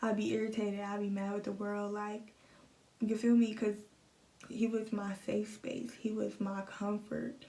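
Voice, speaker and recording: Young woman telling her story on her phone, emotional, keeps repeating, flat tone, echoey room, mic kinda far. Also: mid-range voice, slight background noise. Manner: emotional, halting, repeats herself. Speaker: vlogger. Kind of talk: personal storytelling.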